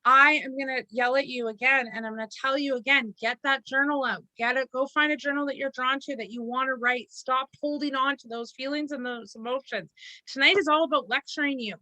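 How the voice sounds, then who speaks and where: A woman's voice: high voice, steady tone, brisk, pushed and bright, no echo, low-quality recording. A woman giving a live mediumship reading, blunt and lecturing, with casual swearing.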